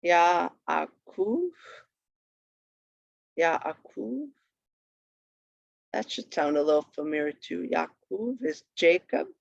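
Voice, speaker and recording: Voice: medium pitch, expressive, takes it slowly, vocal fry, pauses often, no echo. A patient teacher walking through a Hebrew primer on a shared screen, repeating each word twice for the learner. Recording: dull lo-fi recording.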